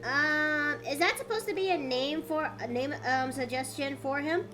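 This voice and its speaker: A woman's voice: high-pitched, moderate pace, music in the background. A young woman streaming while she draws, chatting casually with her chat and thinking aloud. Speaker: streamer and artist.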